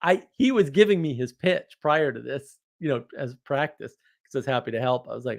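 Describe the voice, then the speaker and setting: A man casually telling a story from his week, animated, laughing often and restarting his sentences. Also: mid-range voice, brisk, vocal fry, hardly any pauses. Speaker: podcast host.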